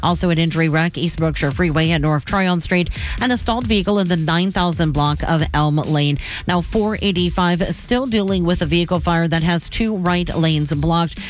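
A woman giving a radio traffic report, brisk and informational with the odd filler. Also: fairly low pitch, soft background music.

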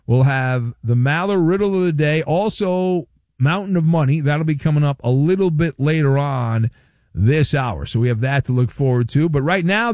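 A man's voice: fairly high pitch, lively intonation, moderate pace, a little mellow, no echo. A man hosting sports talk radio, delivering a playful, wry monologue with hammy emphasis.

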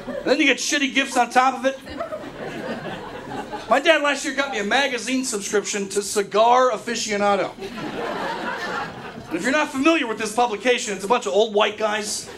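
A man in his thirties performing a stand-up comedy set, telling profane stories that break into shouted rants. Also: very high-pitched, normal speed, long pauses. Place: comedy club stage. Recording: live club recording with crowd noise. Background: audience laughter.

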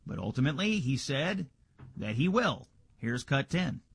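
A man's voice: mid-range voice, very animated, normal speed, creaky, husky, dry recording. A male radio host giving a conversational political news rundown, checking the Senate floor live, with frequent filler "uh"s.

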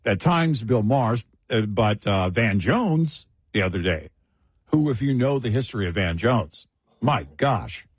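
Co-host, man, husky, animated pitch, dry studio mic. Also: dry recording. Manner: lively, frequent short agreements. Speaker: radio talk show co-host. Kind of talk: casual radio banter.

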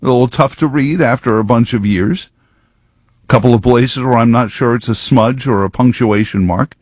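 A man's voice: medium pitch, normal speed, darkish tone, no room sound. A man giving rambling, sarcastic political commentary full of wordplay.

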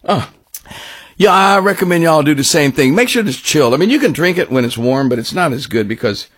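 A man hosting a radio countdown show, telling a loose, rambling story with many restarts in a husky voice. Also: on the high side, expressive, quick pace, fairly bright tone. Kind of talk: casual radio show talk.

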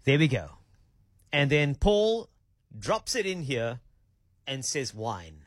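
A man's voice: medium pitch, very animated, slow pace. A South African man hosting a radio talk show, chatty and playful in a studio. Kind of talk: casual radio chat.

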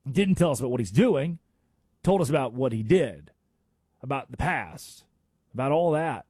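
Emphatic, husky sports radio host. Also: male voice, on the high side, animated, normal speed, darkish tone, no echo, studio quality. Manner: emphatic, rhetorical, theatrical. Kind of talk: opinionated sports talk radio. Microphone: studio microphone.

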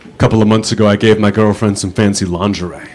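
A male stand-up comic with a lowish voice delivers short one-liners in a dry, deadpan way. Faint background noise sits under the set. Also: fast, crowd noise. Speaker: stand-up comedian. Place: comedy club stage.

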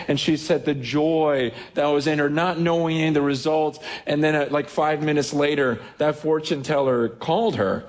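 A man delivering a sermon as a pastor, his voice sitting a little on the high side. He talks like he's telling stories to friends, looping back and restarting phrases as he goes. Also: fairly even intonation, normal speed, hardly any pauses. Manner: conversational storytelling with frequent restarts.

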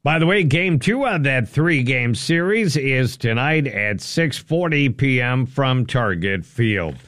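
A man anchoring a local radio newscast in a studio, reading stories in a steady, even way. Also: medium pitch, slow pace, no room sound. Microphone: close studio mic.

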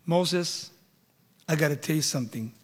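A man's voice: on the high side, normal speed, big-room sound, pitched below the performer's own voice, lightly acted. A male preacher voicing God in a sermon retelling, firm and reasoning as he corrects a servant. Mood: explaining. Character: stern but patient male God, correcting.

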